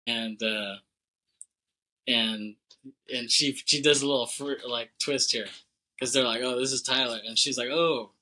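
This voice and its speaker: A young man in loose podcast chat, walking through a movie plot scene by scene. His voice is very bright and his pitch sits in the middle. He swears freely and slips into quick impressions of the characters as he goes. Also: steady tone, poor audio. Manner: loose and profane, acts out characters' lines with laughs. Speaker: podcast co-host. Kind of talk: casual chat recapping a movie.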